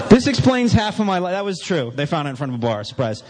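A man with a somewhat high voice tells his recovery story with candid, self-mocking humor. His words ring out with a long reverb through a large meeting hall. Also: sing-song, fast, hardly any pauses, a crowd in the background, background noise. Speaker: recovery speaker.

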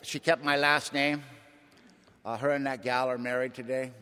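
Older man, folksy colloquial testimony, emotional swells, mid pitch, echoey hall. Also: level tone, moderate pace, bright, forceful tone. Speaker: recovery meeting speaker. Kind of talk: personal testimony talk.

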